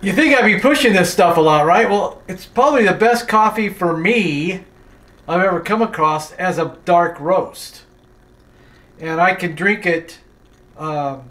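A man's voice: high-pitched, a bit bright. A man chatting casually on a vlog, easygoing and enthusiastic, often tagging on "right?". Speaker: vlogger. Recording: echoey room.

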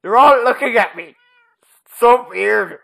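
A host narrating gameplay at an unhurried pace, with a voice that swings freely up and down. Casual and rambling, with plenty of "uh" and "anyway". When calling the pets, the voice jumps high with excitement. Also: gravelly. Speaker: gaming channel host.

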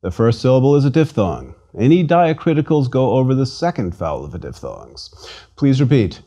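A man's voice: mid-range voice, sing-song, fairly quick, dark tone. A man giving a scripted pronunciation lesson, patient and repeating words for the listener to drill. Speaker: language lecturer. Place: studio.

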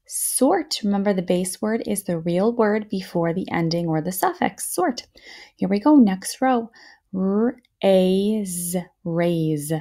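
A woman teaching a children's phonics lesson, speaking slowly and clearly, encouraging her listeners. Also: mid-range voice, animated, dark tone.

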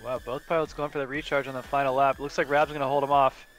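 A man giving excited play-by-play commentary on a drone race. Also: medium pitch, fast, soft background music.

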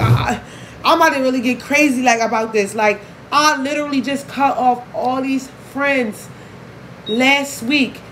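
A woman's voice: high voice, fairly bright tone, a little hiss or hum, low-quality recording. A young woman talking candidly and emotionally to her vlog audience, swearing freely as she speaks. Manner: candid, emotional, profane, fast-shifting. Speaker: vlogger. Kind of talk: emotional casual vlog talk.

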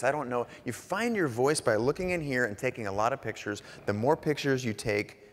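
A man giving a casual, animated conference talk on stage, joking and sometimes swearing as he goes. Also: medium pitch, fairly quick. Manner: casual, animated, jokey, swears now and then. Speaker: conference speaker, artist. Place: large conference hall on stage. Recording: long hall reverb.

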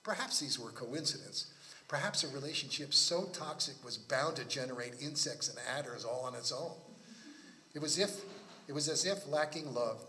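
A man's voice: mid-range voice, pushed and bright. Man reading his novel aloud. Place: library talk.

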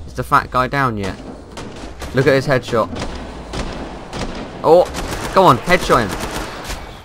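A young man commenting on a shooter game as he plays, excitable and yelling when things go wrong. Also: medium pitch. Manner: excitable, yelling in panic during fights. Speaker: gaming YouTuber. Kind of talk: gameplay commentary. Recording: gunfire noise behind voice. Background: game gunfire and effects.

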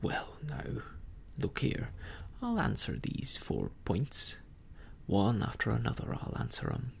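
A storyteller voicing a cunning, scornful old male pirate captain in a slow, contemptuous whispered role-play. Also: mid-range voice, huge pitch swings, creaky, slightly rough, heavily acted.

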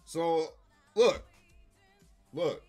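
A man giving a casual, profane, sarcastic review of a TV episode, exasperated and given to loud bursts of laughter. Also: on the high side, drawn-out words, faint music behind. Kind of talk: casual ranting review commentary.

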